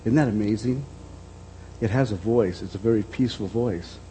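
A middle-aged man preaching a reflective sermon as a pastor, dropping to a soft voice and then lifting it again. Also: on the low side, moderate pace, a little hiss or hum, poor audio. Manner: reflective, speaks softly then lifts his voice.

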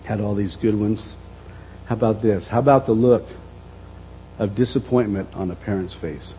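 A middle-aged man preaching a reflective sermon as a pastor, dropping to a soft voice and then lifting it again. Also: lowish voice, normal speed, slight background noise, poor audio. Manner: reflective, speaks softly then lifts his voice.

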